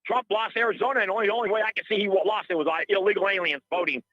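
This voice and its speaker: A man's voice: sits high, fairly even intonation, very fast, lo-fi sound, a loud crowd. A middle-aged man calling in to a radio show, ranting in a heated, rambling, indignant way and repeating himself. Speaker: caller. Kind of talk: heated call-in rant.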